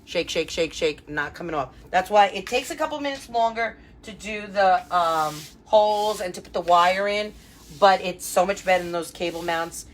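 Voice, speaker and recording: A woman who designs wreaths hosts a chatty live craft tutorial, greeting viewers by name. Her voice is lowish at a normal speed, with a little hiss or hum in the recording. She's upbeat and chatty, full of fillers and asides to her audience.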